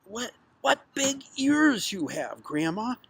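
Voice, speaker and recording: A man voicing a sweet, innocent young girl in a storybook tale, with high girlish squeals. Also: very animated, slow pace, gravelly, a bit bright, slightly rough, no echo, heavily acted. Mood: wondering.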